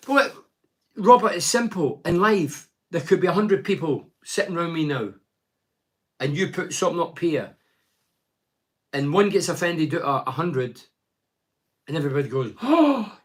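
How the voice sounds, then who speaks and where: A man's voice: on the high side, normal speed, long pauses, a bit bright. A middle-aged Scottish man hosting a casual phone-in chat, reading out listener messages and answering bluntly. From Scotland. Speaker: radio phone-in host.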